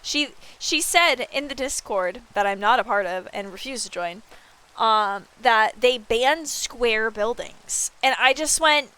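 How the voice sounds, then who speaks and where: A woman streamer chatting casually while she plays a building game, telling stories with animated, excited quoted reactions and swearing freely. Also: fairly high pitch, a little slow, clean tone. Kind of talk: casual chat while gaming.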